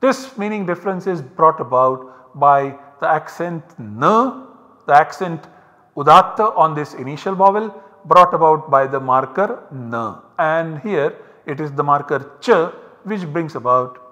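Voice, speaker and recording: A man's voice: fairly high pitch, expressive, a little slow, sharp tone, dull audio. Methodical male lecturer in a reverberant hall. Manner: methodical, explains step by step with repetitions. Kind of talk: university lecture.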